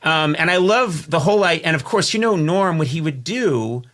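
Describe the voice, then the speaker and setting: Brief: male comedy commentator, slightly high voice, lively swooping intonation, casual. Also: normal speed, background noise. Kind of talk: casual chat.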